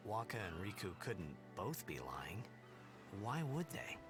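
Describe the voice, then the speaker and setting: An actor playing a confused young male athlete far from home, speaking in halting dialogue and reflective inner narration. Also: fairly low pitch, sing-song. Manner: hesitant, uncertain, halting. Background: game music.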